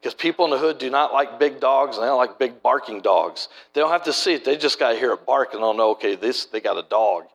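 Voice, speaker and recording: A man's voice: mid-range voice, fast talker, hardly any pauses. A middle-aged man preaching a sermon, telling stories in a folksy, conversational way with many restarts. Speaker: preacher and church planter. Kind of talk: sermon storytelling.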